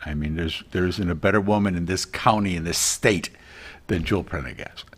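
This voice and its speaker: A middle-aged man speaks in a fairly low voice on a morning TV show. He rambles earnestly, starting sentences over and over, like a realtor guest chatting casually. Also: fairly quick. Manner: rambling, earnest, many restarts. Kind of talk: casual TV interview chat.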